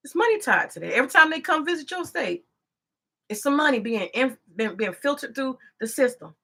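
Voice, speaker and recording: A woman's voice: high voice, big pitch swings, fairly quick, creaky, a bit bright, husky. A woman commentator ranting heatedly in a casual monologue, profane and scolding, repeating herself as she gets worked up. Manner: repetitive, scolding. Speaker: political commentator.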